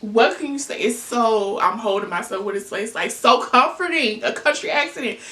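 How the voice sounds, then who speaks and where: A woman's voice: a little high, animated, normal speed, fairly bright tone. A woman with a Southern US accent, chatting casually in a get-to-know-me vlog and answering her own questions with fillers and asides. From Southern US (Arkansas/Tennessee). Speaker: vlogger. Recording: echoey room, mic at a distance.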